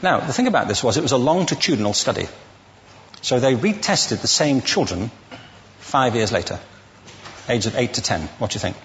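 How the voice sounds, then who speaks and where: Lively man lecturing in a hall. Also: mid-range voice, fairly quick, long pauses, slight background noise. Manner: witty, conversational, asks the audience questions. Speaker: public speaker. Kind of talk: lecture to a live audience.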